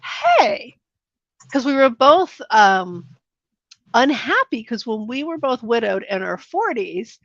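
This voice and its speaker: Brief: woman in her fifties, podcast guest, lively storyteller, muffled lo-fi sound with no room echo. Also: on the high side, measured pace. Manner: animated, acts out quoted voices. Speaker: life coach guest. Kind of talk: conversational interview storytelling. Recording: dull, dry podcast audio.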